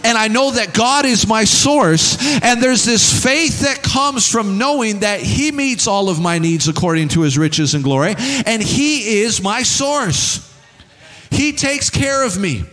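A man's voice: high-pitched, expressive, measured pace, fairly bright tone, a little hiss or hum. A male pastor preaching a sermon, emphatic and repetitive, acting out little dialogues to make his points. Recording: reverberant hall.

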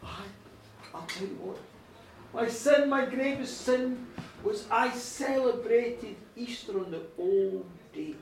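A man's voice: very high voice, animated, takes it slowly, gravelly, a little hiss or hum, exaggerated voice. A man voicing a boastful, sinful medieval monk who stammers through a rambling confession. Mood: grave. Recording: roomy live recording from a distance.

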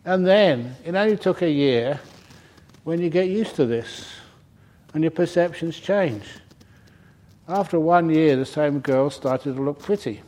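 A man's voice: on the high side, expressive, a little slow, a little mellow. A man, a monk teaching at a retreat, answers questions in a dharma talk and tells humorous stories, often chuckling at them. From United Kingdom. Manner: humorous storyteller, chuckles at his own stories.

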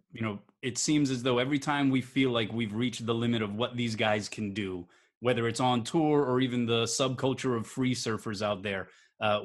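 Male interviewer, mid-pitched, measured and thoughtful. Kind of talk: interview questions.

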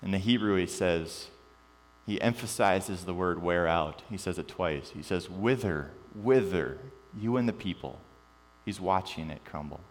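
A man preaching a sermon in a reverberant church hall, his lowish voice rising animated and falling to quiet emphasis. A faint mains hum sits under the long reverb. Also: moderate pace. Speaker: pastor.

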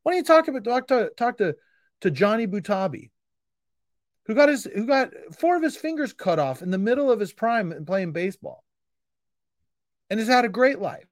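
A man's voice: sits high, big pitch swings, normal speed, long pauses, no room sound, clean studio sound. A man hosting a solo podcast, answering a listener with intense, emphatic tough love that comes across as a bit frustrated. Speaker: podcast host. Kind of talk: solo podcast pep talk.

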